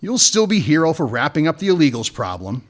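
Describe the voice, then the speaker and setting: A man's voice: on the high side, sing-song, brisk. An actor playing a confident male weapons smuggler with a dry, teasing way of talking, in an audio drama. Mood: scheming. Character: suave male weapons smuggler, wry and persuasive.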